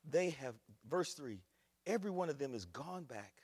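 A man preaching a sermon as pastor, swinging from soft asides to loud shouting, mocking quoted voices along the way. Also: a little high, expressive, normal speed, slightly rough. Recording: echoey hall recording.

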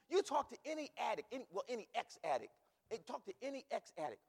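A male pastor preaches in a high, animated voice, dropping low and quiet and then rising to shouts. His words ring out with the long reverb of a big hall. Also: quick pace, creaky, breathy edge. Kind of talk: sermon.

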